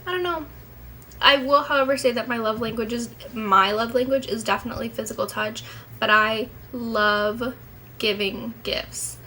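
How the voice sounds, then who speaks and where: Bright chatty young woman vlogger. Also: a little high, steady tone, normal speed, a little hiss or hum, low-quality recording. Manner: chatty, rambling, candid, swears casually. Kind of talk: casual chat to camera.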